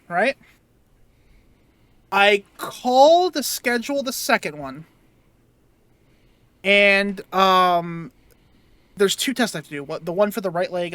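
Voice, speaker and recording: A young man, a podcast co-host, telling a story in casual chat, animated and swearing as he vents. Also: high voice, no room sound.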